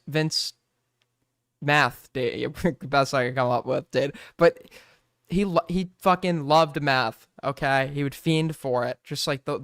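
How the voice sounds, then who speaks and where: A man's voice: a little high, fairly bright tone, smooth, no room sound, studio quality. A young man giving crude, sarcastic casual commentary as he reacts to clips, swearing freely. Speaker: streamer reacting to videos.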